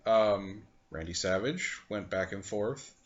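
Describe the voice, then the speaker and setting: A man's voice: on the low side, slow pace. Rambling male podcast host, muffled sound. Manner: rambling storyteller, recounting details with fillers. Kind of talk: casual chat. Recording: muffled lo-fi recording.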